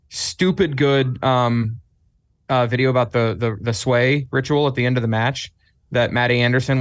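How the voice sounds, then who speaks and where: Animated storytelling man on a podcast. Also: medium pitch, dry recording, clean studio sound. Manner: animated storyteller who acts out his own quotes. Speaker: podcast guest, club staffer. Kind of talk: casual podcast chat.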